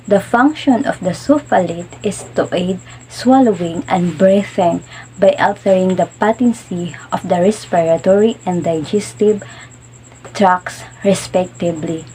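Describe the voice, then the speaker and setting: A woman's voice: medium pitch, unhurried, mellow, slight background noise, low-quality recording. A woman continuing a classroom lecture, reading definitions plainly. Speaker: student teacher.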